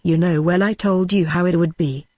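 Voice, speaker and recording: A woman's voice: on the low side, fairly even intonation, moderate pace, darkish tone, dry recording, lightly acted. A synthetic woman's voice reading the lines of a grieving, feverish mother who is bitter and foresees doom, with no change of voice.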